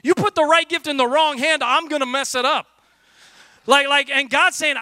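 Male pastor, chatty and jokey, high bright voice, dry close mic on a church stage. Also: expressive, a little fast, dry recording. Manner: loose and conversational, full of "like" fillers, jokey. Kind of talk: casual, energetic sermon.

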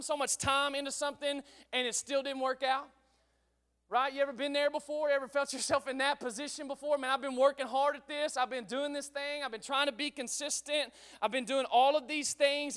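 A young man preaching an energetic sermon, calling the room to shout praise. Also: extremely high pitch, clear, resonant tone. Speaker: pastor.

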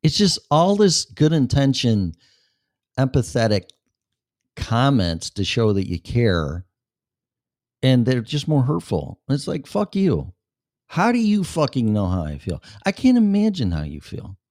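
A man's voice: medium pitch, wildly swooping pitch, unhurried, a little mellow, no room sound, studio quality. A man hosting a show, talking casually and bluntly to a listener with plenty of swearing. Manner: blunt, profane, talks straight to a listener. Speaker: show host.

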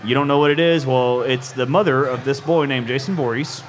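A man's voice: medium pitch, fairly quick, slight background noise. A man co-hosting a casual live podcast, rambling and joking as he recaps movie plots in a brewery. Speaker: podcast co-host.

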